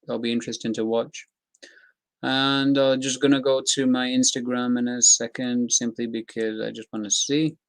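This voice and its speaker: A young man rambles through fight news in a loose, chatty way, full of slang and filler words. His voice sits at an ordinary middle pitch. It is recorded close and dry, with almost no room sound. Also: flat delivery, normal speed, dry recording. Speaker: MMA news commentator. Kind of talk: casual commentary reacting to news.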